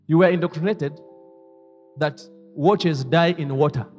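A man preaching a sermon as pastor, leading the congregation to repeat his lines and moving between hushed asides and loud exclamations. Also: a little high, a little slow, soft background music. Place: church hall. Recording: reverberant church hall.

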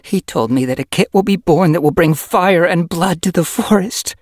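A man doing a grieving female medicine cat in a storybook reading, her voice pitched well above his own and slightly husky. She snarls and pleads, raw with anguish, in a dry close recording. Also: expressive, moderate pace, no echo. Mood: distraught. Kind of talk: audiobook character voice.

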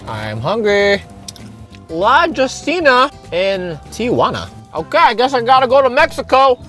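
A man hosting an energetic food challenge vlog, excitable and playful, exclaiming often. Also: very high-pitched, measured pace, music in the background. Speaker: vlogger host.

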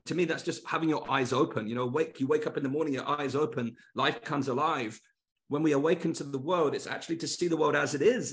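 A middle-aged man hosting a motivational webinar, speaking earnestly and stressing points through repeated short lists. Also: medium pitch. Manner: earnest, repetitive emphatic lists. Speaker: webinar host.

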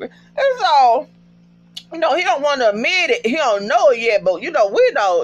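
A man with a high, lively voice gives a casual video recap of a TV episode. His pitch leaps all over as he tells it. He talks in a profane, emotional, animated way. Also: a little slow, pauses often, lo-fi sound.

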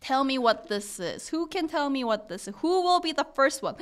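A young woman leads a live-streamed language lesson, chatty and encouraging as she answers viewers' comments. Her voice sits a little high and sounds smooth and clear. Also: expressive, moderate pace. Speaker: Korean language teacher.

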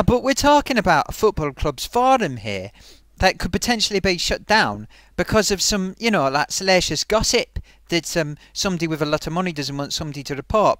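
A man's voice: on the high side, fairly bright tone, no echo, clean studio sound. A man hosting his own vlog and chatting casually, rambling along with plenty of ums and restarts. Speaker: vlogger host. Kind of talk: casual comedy vlog chat.

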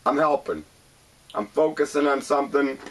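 A man hosting his own show, talking about his experience in an earnest, halting monologue, often repeating himself. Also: mid-range voice, distant mic. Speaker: show host. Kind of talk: personal monologue to camera.

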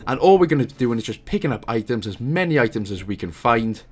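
A man's voice: mid-range voice, sing-song, fast talker, darkish tone, slightly rough. A Welsh man giving casual, chatty commentary over a video game walkthrough, with self-deprecating, apologetic asides.

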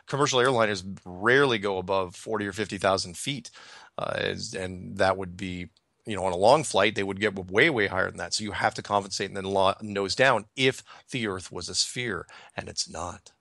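A man's voice: low-pitched, normal speed, gravelly, pushed and bright, no room sound, studio quality. A man hosting a call-in radio show, talking casually and rambling as he corrects himself and reads listener emails aloud.

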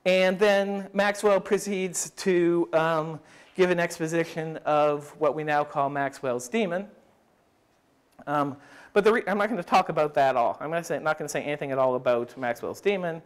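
A man's voice: fairly high pitch, normal speed, smooth. A man giving an academic lecture at a summer school, thinking aloud with frequent restarts and speeding through quoted passages.

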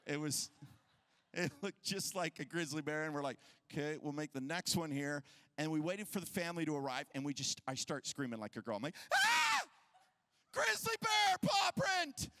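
A man's voice: on the high side, fairly quick, dry recording. A man in his thirties, a pastor telling a story in a sermon and acting out the voices of the people in it. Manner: animated, acts out quoted voices.

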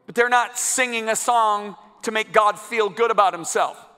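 A man preaching a sermon to a congregation in a large church, emphatic and building to loud climaxes. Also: sits high, moderate pace, smooth. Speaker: guest preacher. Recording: long church hall reverb.

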